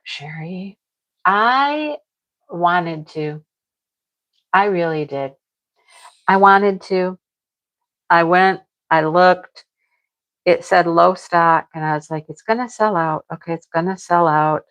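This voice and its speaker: A woman's voice: on the low side, slow pace, low-quality recording. A middle-aged woman chatting casually to her viewers about her crochet projects, rambling and repeating herself. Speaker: crochet vlogger.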